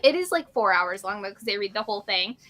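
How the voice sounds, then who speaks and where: A woman's voice: medium pitch, fast. A woman guest chatting on a livestream, telling stories with lots of laughs. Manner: animated storyteller, laughing often. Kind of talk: casual chat.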